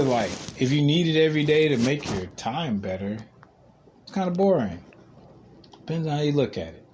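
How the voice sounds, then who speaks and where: A man's voice: medium pitch, a little mellow. A man hosting a podcast, telling rambling stories in a blunt, profane, casual way. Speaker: podcast host. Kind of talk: casual solo podcast rant. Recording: distant mic with clear background noise.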